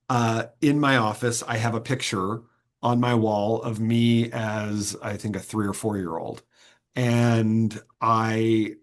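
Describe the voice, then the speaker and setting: A man being interviewed, an earnest performer who tells stories with many halting restarts. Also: lowish voice. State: choked up. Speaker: interview guest, sword swallower and performer. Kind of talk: reflective interview answers.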